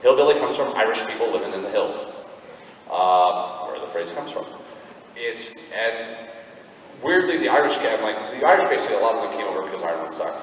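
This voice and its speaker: A man's voice: on the low side, animated, a little fast, a little hiss or hum. A man speaking as a convention panel guest, rambling through explanations with frequent ums and restarts, recorded by a camera in the audience. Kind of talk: casual panel talk answering a fan. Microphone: fan camera in the audience, far off. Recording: echoey hall from far off.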